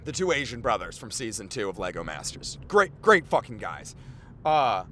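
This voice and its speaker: A man hosting a podcast, rambling in casual chat with lots of swearing, fillers and excitable outbursts. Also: lowish voice, moderate pace, a little hiss or hum. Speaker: podcast host.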